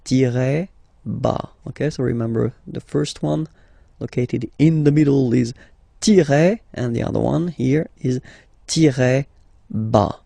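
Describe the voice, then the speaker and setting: In this language lesson, a male French teacher speaks with a warm, creaky voice at a medium pitch. He is patient, repeating words slowly and asking "okay?" after each point. The recording is dry.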